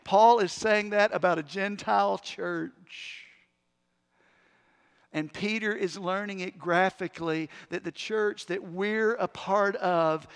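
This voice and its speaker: High-voiced preacher in a reverberant hall. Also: male voice, slow pace, smooth. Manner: emphatic, conversational preaching with sudden loud punches. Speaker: pastor. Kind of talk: sermon.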